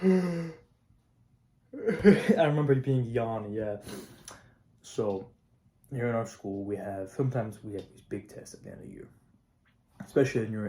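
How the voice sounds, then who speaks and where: A teenage high school student talking casually to camera, swearing often and getting fired up, with lots of filler words. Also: male voice, a little mellow. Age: teens. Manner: profane, hyped, heavy "like" and "not gonna lie". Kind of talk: casual vlog monologue.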